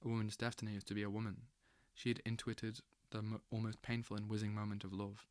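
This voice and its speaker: A man reading a literary novel aloud as an audiobook, slow and intense, with dramatic swells. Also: fairly low pitch, little pitch movement, no room sound. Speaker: audiobook reader.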